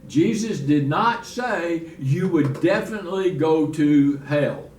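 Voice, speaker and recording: A man's voice: fairly high pitch, animated, takes it slowly, a little mellow. A man teaching a church Bible lesson in a folksy, restarting way, reading scripture aloud. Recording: echoey room from far off, faint noise.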